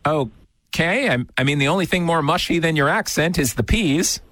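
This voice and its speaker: A man's voice: a little high, expressive, normal speed, fairly bright tone, no echo. A man hosting a radio show, teasing his co-host in casual banter. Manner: teasing, playful.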